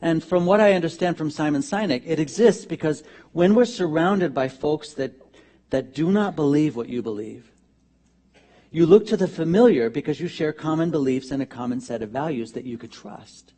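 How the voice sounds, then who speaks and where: Speaking at a moderate pace, a man with a fairly high voice preaches in a church sanctuary. His sermon is conversational and funny, peppered with animated asides.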